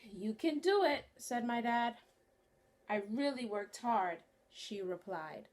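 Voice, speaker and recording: Slow, clear-spoken woman teaching children. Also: a little high, expressive, darkish tone. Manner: slow, clear and encouraging, stretches key words. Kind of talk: online phonics lesson for young children.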